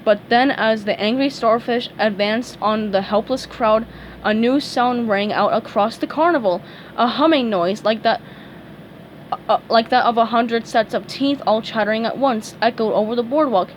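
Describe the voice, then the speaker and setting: A woman reading a cartoon fan story aloud, slowly and carefully, with the odd stumble. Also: on the high side, slight background noise, rough recording. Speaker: fan fiction reader. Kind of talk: storybook read-aloud narration.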